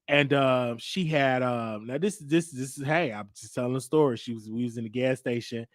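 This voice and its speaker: A man hosting a show, telling a comic story in a lively, joking monologue. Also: moderate pace, no echo, clean studio sound. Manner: animated storytelling, jumping into high voices for others. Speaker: host. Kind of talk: comedic monologue.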